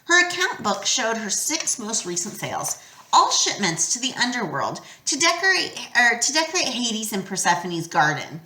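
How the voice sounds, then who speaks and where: A woman narrating a storybook aloud with a lively, expressive delivery. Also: on the high side, moderate pace. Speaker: audiobook reader. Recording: roomy echo.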